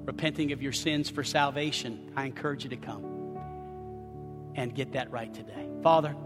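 A man preaching as a pastor, swinging from quiet, confessional talk to loud, shouted passages. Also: mid-range voice, steady tone, moderate pace, big-room sound, over music. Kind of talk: sermon.

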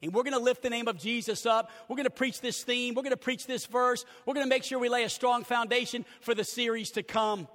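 Male pastor, very high voice, emphatic repeating sermon delivery, reverberant sanctuary. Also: fairly even intonation, brisk, hardly any pauses, a bit bright. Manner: emphatic, repeating key phrases. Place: church sanctuary. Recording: long church hall reverb.

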